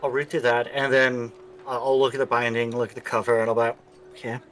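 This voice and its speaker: Animated young-sounding man playing a tabletop game. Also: medium pitch, quick pace. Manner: animated, slips into a theatrical conspiratorial voice in character. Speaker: player. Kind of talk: tabletop role-play, in and out of character.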